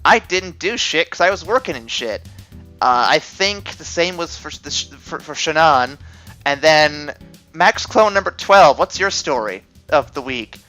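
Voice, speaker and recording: A man's voice: fairly high pitch, animated, measured pace, sharp tone, soft background music, rough recording. Goofy young man hosting a podcast. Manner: goofy, self-mocking. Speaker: podcast host. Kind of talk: solo comedy podcast.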